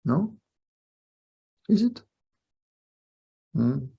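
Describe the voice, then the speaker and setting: A man's voice: fairly high pitch, sing-song, very slow, vocal fry, slightly rough, dull audio. An older man giving a spiritual webinar talk, reflective, often ending points with short questions to listeners. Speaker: spiritual teacher. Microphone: video call mic.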